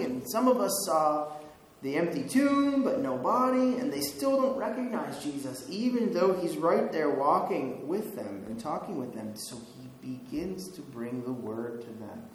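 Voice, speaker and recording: A man preaching a sermon as pastor, talking conversationally, chuckling now and then and asking the listeners questions. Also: on the high side. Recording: very echoey hall with faint hiss.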